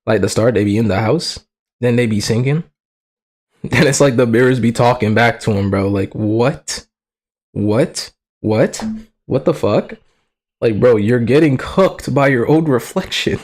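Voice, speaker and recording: A man's voice: medium pitch, unhurried. A young man streaming live in casual commentary, talking in slang with lots of swearing and frequent laughter. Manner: slangy, profane, laughs often, excitable. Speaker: livestreamer.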